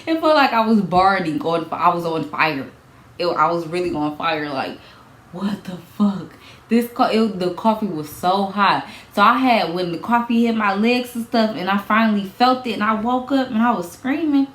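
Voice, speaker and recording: A young woman telling a storytime vlog in a casual, animated way, repeating herself, swearing and laughing as she goes. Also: mid-range voice, normal speed, echoey room, slight background noise. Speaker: vlogger.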